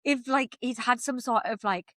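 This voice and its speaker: Gushing, excitable young woman podcaster. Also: fairly high pitch, normal speed, no echo, clean studio sound. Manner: gushing, excitable, swears freely. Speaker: podcast co-host. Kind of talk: casual chat recapping a TV episode.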